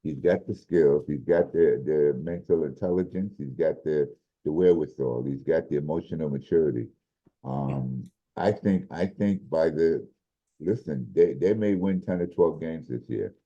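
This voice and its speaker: Man, low voice, very dark mellow tone, casual sports podcast chat, measured explaining, dull lo-fi audio. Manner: measured, explains with repeated restarts. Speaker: podcast co-host, football analyst.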